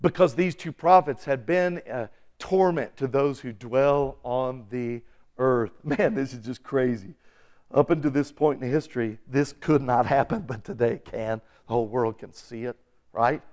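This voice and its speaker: A man preaching an animated sermon, acting out quick voices and shifting between loud bursts and quiet asides. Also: mid-range voice. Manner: excitable, acts out voices, shouts and laughs. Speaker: pastor.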